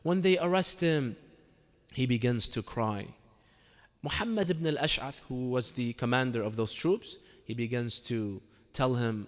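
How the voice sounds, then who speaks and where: A man's voice: mid-range voice, measured pace. A man giving a sermon to a congregation, telling a religious story in a dramatic storytelling manner. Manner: dramatic storyteller, sometimes breaks into mournful chanting. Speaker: religious speaker. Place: community religious center hall. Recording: echoey hall with long reverb.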